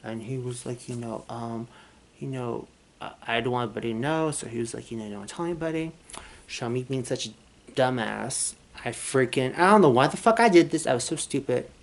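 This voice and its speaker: A woman's voice: very deep voice, a little fast. A young woman from Texas telling a personal story in a casual, rambling way, with many restarts and swearing. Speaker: vlogger.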